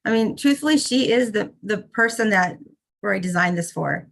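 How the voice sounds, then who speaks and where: Gravelly middle aged lady hosting a member call, protective mama-bear vibe, chatty. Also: mid-range voice, animated, moderate pace, a bit bright. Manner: effusive, motherly, fiercely protective. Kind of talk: casual group-call chat.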